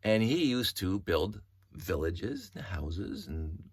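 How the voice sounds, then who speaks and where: A middle-aged man excitedly showing toy pieces from his collection, talking in a rambling way with many restarts and tangents. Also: low-pitched, slow, slightly rough, no room sound, clean studio sound. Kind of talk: casual show-and-tell vlog.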